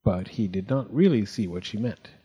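A man reading a children's picture book aloud, gentle and deliberate. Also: on the low side, expressive, husky. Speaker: narrator.

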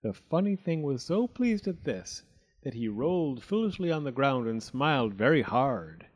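In a medium-pitched voice at normal speed, a man brings a children's storybook to life, reading it aloud with plenty of expression and animation.

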